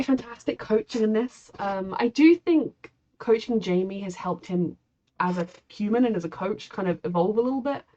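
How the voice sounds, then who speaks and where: A woman's voice: on the low side, darkish tone, highs cut off. A woman giving chatty, opinionated commentary on a TV episode, swearing and using plenty of fillers. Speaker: TV reaction vlogger. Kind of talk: casual TV reaction commentary.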